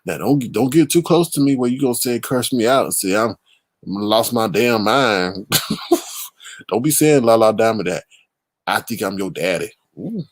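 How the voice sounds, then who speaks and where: A man hosting a live stream, reacting theatrically with drawn-out exclamations and chatting to viewers. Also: medium pitch, lively intonation, slightly rough, no echo. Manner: theatrical, reacts loudly with drawn-out ooh and scared cries. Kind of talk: casual live-stream commentary.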